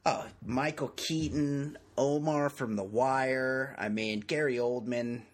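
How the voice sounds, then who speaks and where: A man's voice: medium pitch, takes it slowly. Joking podcast host man. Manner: jokey, rambling, self-mocking. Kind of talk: casual podcast banter.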